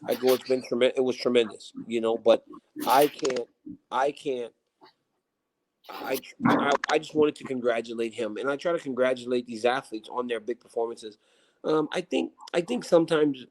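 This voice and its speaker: A man in his forties, a former fighter, talking as a guest in a casual interview in a relaxed, reflective way, often restarting his sentences. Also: medium pitch, rough recording.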